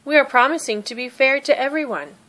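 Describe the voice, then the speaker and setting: A woman voicing an eighty-year-old great-aunt, gentle, proud and wise, speaking tenderly and earnestly in a storybook reading. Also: high voice, a little fast, voice pushed up.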